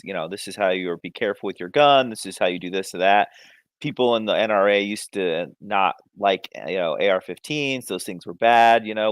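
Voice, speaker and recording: A man's voice: on the low side, smooth, no echo. A man talking casually as a panelist on an online discussion, rambling with lots of "you know".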